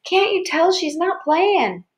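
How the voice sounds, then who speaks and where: Tearful little girl, played by a woman reader, very high and pleading, sobbing, begging. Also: big pitch swings, slow, heavily acted.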